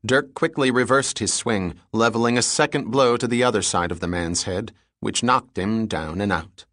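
A man narrates an action scene for an audiobook in a steady, measured way. His voice sits low and the recording is dry and close. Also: no echo.

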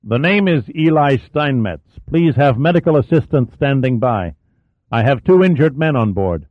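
A man's voice: mid-range voice, moderate pace, close to an everyday voice. A composed male colony leader speaks steadily and plainly, as a man reads him aloud. The sound is thin and phone-like, with no room echo. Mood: calm. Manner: steady, matter-of-fact. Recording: dry, thin phone-like audio.

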